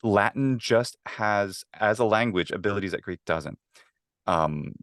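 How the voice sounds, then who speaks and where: A man's voice: lowish voice, a little slow, a bit bright, dry recording, studio quality. A man being interviewed about Latin, talking eagerly in a casual way, with many fillers and restarts. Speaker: guest, Latin teacher.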